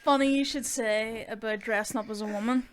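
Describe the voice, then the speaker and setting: A woman's voice: a little high, steady tone, brisk. A woman co-hosting a comedy podcast, teasing her co-host in dry, casual chat.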